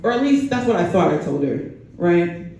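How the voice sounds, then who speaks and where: A woman performing a stand-up comedy set on a bar stage, with a deadpan delivery that keeps tagging jokes with "right?". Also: lowish voice, normal speed, gravelly. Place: bar stage in front of a crowd. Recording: echoey room, mic heard from a distance.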